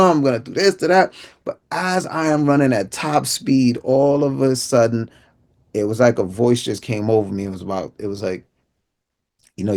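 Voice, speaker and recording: Middle-aged New man, gravelly voice, inspirational speaker giving personal testimony with repeated phrases. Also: medium pitch. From Brooklyn, New York. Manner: vivid storytelling, repeats phrases, drops to a hush for tense moments.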